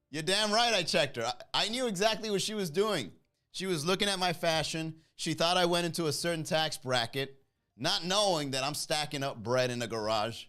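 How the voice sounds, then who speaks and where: A man hosting a comedy podcast, telling a story in a casual, animated way, acting out the people in it and laughing at his own jokes. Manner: animated, acts out quoted voices with big pitch jumps.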